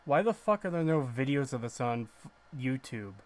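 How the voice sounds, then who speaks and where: A man's voice: medium pitch, expressive, moderate pace. A male game streamer giving casual, ranting commentary, blunt and sarcastic, who swears freely.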